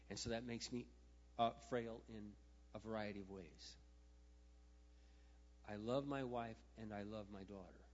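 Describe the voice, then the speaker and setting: A man preaching a sermon as a pastor, swinging between hushed, tender passages and loud, impassioned outbursts. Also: fairly low pitch, slightly rough. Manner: emotional, swings from hushed to shouting. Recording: muffled, with a long hall echo.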